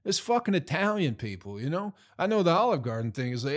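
A man's voice: fairly high pitch, very animated, fast talker. Laid-back man swearing through a rambling monologue. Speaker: touring comedian recapping shows. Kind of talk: casual monologue. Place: room at home with a heater.

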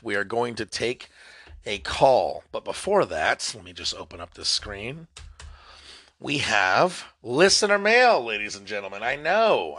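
A young man hosting a comedy podcast, rambling through a solo monologue that swings from mock-dramatic outbursts to low mutters. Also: pushed and bright, dry recording, clean studio sound. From California. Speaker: podcast host.

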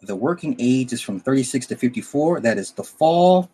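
A man's voice: medium pitch, lively intonation, moderate pace, dark tone, husky. A man recapping a film's plot in a loose, rambling way, blunt and profane, with frequent restarts and asides to the listener. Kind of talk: casual spoken story recap.

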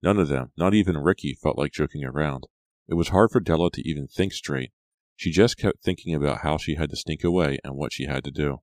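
A man reading a storybook aloud in a steady, even way, his voice very deep. The sound is close and dry, with no room around it. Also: brisk, dry recording. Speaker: audiobook narrator. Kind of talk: scripted narration.

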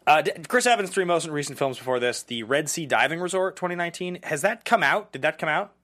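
A man hosting a casual film podcast, talking quickly in rambling, self-interrupting sentences. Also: a little high, lively intonation, fairly bright tone. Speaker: podcast host.

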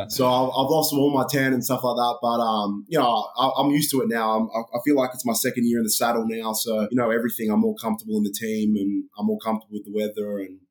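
A man from Australia as a podcast guest, relaxed and easygoing, laughing often. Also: mid-range voice, brisk. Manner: relaxed, laughs easily, many restarts. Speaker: guest athlete. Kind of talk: casual interview.

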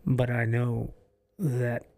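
Earnest, halting man co-hosting a podcast. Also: mid-range voice, level tone, vocal fry, a little mellow. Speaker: podcast co-host. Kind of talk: casual faith podcast chat. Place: office used for recording podcasts.

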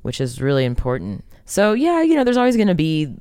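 Smooth-voiced candid woman singer. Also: low-pitched, fairly quick, dry recording, studio quality. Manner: candid and expressive, swears freely. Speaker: rock band singer being interviewed. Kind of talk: casual interview conversation.

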